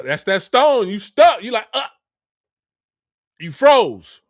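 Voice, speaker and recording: High-voiced man preaching street talk. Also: fairly bright tone, no room sound, studio quality. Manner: preachy street-talk storytelling, acts out both sides of dialogue. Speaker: livestream host. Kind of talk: casual livestream talk.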